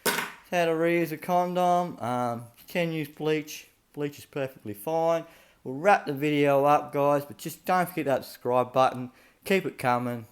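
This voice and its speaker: A man's voice: a little high, measured pace. A man with an Australian accent hosting a joke how-to video in a chatty, blokey manner, full of "mate" and "right?". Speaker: comedy channel host. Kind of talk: deadpan mock tutorial.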